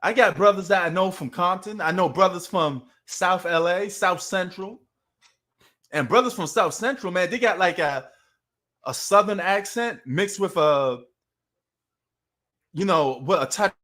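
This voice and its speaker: A man with a New York accent chats on a sports live stream, his voice pitched fairly high. He talks loosely and animatedly, leaning on street slang and addressing viewers in the chat. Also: a little slow, bright, forceful tone.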